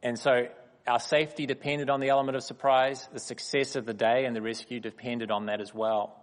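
A man giving a sermon in a measured, emphatic way, pausing deliberately between phrases. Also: mid-range voice, level tone. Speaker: guest speaker at a church. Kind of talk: sermon with personal stories. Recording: long reverb of a hall.

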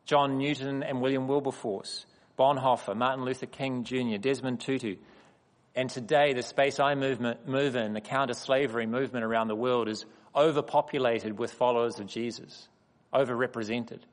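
A man giving a sermon in a measured, emphatic way, pausing deliberately between phrases. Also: mid-range voice, steady tone. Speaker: guest speaker at a church. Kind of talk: sermon with personal stories. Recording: long reverb of a hall.

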